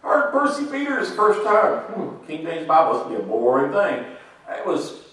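A man giving a lively testimony to a congregation, quoting scripture and laughing as he tells his stories. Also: a little high, normal speed. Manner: animated storytelling, quotes scripture, laughs often. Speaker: church member giving testimony. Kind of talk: sermon-like testimony. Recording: echoey hall, speaker far from mic.

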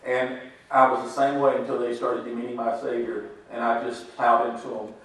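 A man giving a lively testimony to a congregation, quoting scripture and laughing as he tells his stories. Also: mid-range voice, moderate pace. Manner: animated storytelling, quotes scripture, laughs often. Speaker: church member giving testimony. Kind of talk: sermon-like testimony. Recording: echoey hall, speaker far from mic.

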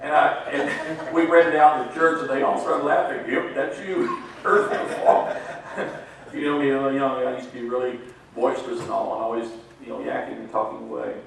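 Folksy preacher in an echoey hall. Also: male voice, mid-range voice, level tone, brisk, gravelly, slight background noise. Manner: folksy storytelling, laughs at his own jokes. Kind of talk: sermon. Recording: echoey hall, mic far off.

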